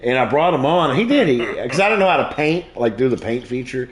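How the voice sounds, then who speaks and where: Profane comedian telling stories casually. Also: male voice, medium pitch, very animated, brisk. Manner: crude, profane joke-telling. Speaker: comedian and stream host. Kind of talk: casual storytelling chat.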